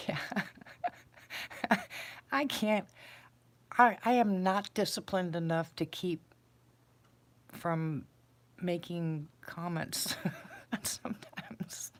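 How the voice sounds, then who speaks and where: Low-voiced chatty woman livestreaming. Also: steady tone, extremely slow, pauses often. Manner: rambling, self-deprecating, chatty. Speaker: livestream host. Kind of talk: casual chat with viewers. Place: sitting on a floor indoors.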